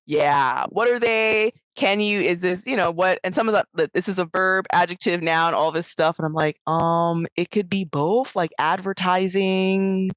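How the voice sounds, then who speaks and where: An American woman chatting casually on a podcast, rambling and animated as she tells stories, with lots of fillers. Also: lowish voice, normal speed, few pauses, no room sound. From United States. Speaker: podcast co-host. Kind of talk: casual chat.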